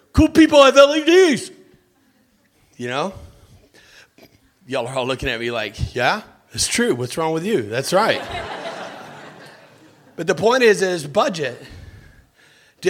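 A male pastor preaching with a voice set a bit high for a man. He talks like he is telling a story, keeps asking the audience questions, and slips into over-the-top voices to act out what he once thought. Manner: lively storytelling preacher who jumps into mocking voices; asks the audience direct questions. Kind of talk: sermon.

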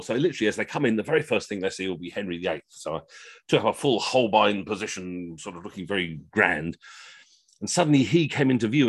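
A middle-aged man telling comic anecdotes on a video call, animated and slipping into funny voices for the people in his stories. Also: fairly low pitch, dry recording. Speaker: costumed Henry VIII entertainer telling stories.

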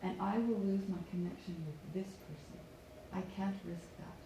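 A woman teaching a conversation class, explaining in lively bursts and acting out listener reactions, in an echoey room. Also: medium pitch, normal speed. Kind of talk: classroom coaching. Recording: echoey room with faint background noise.

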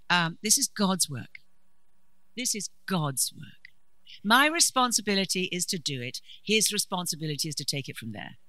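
A middle-aged woman giving a preaching talk at a conference, a lively storyteller with dry humour. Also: fairly low pitch, dry recording, poor audio. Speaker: conference speaker.

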